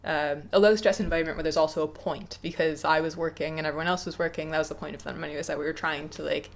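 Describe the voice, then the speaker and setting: A young woman in her twenties talking to camera off the cuff, hesitant and reflective, with many pauses and restarts. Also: sits low, fairly even intonation, slight background noise. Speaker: YouTuber. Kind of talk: casual unscripted talk to camera.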